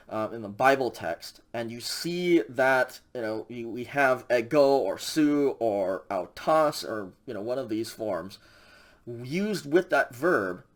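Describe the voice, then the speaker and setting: A man teaching a recorded Greek grammar lecture in a casual way, with many fillers and frequent checks with the class. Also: mid-range voice. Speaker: Greek instructor.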